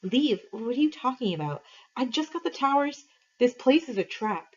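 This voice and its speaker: A woman's voice: a little high, big pitch swings, normal speed, breathy edge, distant mic, voice pushed up. A woman voicing a clever girl who is distracted and snappish, in a dull lo-fi recording. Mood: dismissive.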